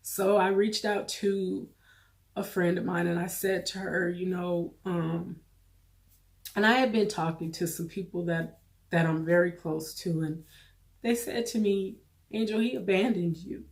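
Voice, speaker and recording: A woman vlogger telling a personal story to camera, emotional and halting, holding back tears and repeating her phrases. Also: on the low side, steady tone.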